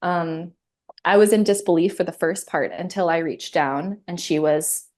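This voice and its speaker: Lively woman telling a personal story. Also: on the low side, moderate pace. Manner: animated, laughs often, acts out her own inner voice. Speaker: interview guest.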